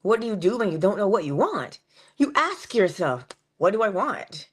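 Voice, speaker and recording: A woman speaks as an inspirational host in a mid-pitched voice. She moves between a full speaking voice and a hushed whisper, stretching out phrases for emphasis. Her delivery is that of a morning motivational talk. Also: sing-song, normal speed, slightly rough. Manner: shifts between full voice and soft unvoiced whisper.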